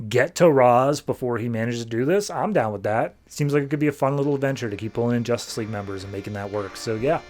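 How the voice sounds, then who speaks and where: A young man chats his way through a comic recap in an easygoing, rambling way. He leans on "like" and paraphrases the characters in offhand asides. His voice sits in an ordinary middle pitch. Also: a little mellow, soft background music. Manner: loose and chatty, heavy on "like", paraphrases characters in quick asides. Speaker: podcast host reviewing comics.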